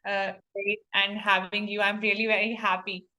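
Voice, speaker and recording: A woman host, bright and crisp in tone. She speaks with little rise and fall. She stays polite and deferential toward her guest. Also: medium pitch, level tone, normal speed. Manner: polite and deferential, keeps saying ma'am.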